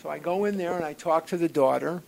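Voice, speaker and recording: A man telling a personal story to a group at a recovery gathering, in an animated, wry way that swings from loud outbursts to quiet asides. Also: a little high, fast talker, gravelly, a little hiss or hum, rough recording. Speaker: speaker sharing at a recovery program gathering.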